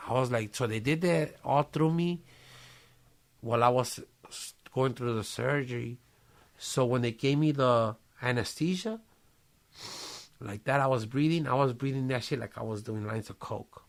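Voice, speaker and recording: Speaking at a moderate pace in a mid-range voice, a man recounts a lengthy personal tale on a podcast set. His telling is profane and streetwise, lively, with imitations of what others said.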